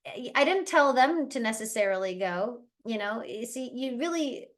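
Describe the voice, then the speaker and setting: A woman's voice: on the high side, lively intonation. A woman who owns a travel business, chatting casually as she coaches her team on sales and now and then acting out other people. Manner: chatty, acts out other people in quick bursts. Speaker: travel agency owner leading team training. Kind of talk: casual motivational training talk.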